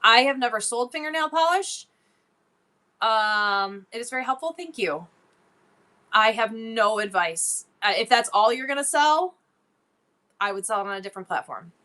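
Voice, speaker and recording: Bright, chatty woman livestream host. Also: fairly high pitch, expressive, normal speed, long pauses. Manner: rambling, tangent-prone, effusive thanks. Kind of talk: casual livestream chat reading viewer comments.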